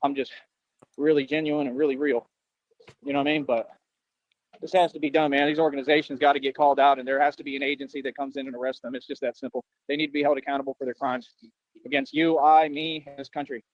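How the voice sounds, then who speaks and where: A man's voice: medium pitch, little pitch movement, quick pace, no room sound, muffled recording. A man rambling on at length, boastful and earnest, repeating himself often, with a way of talking. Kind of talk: rambling street monologue.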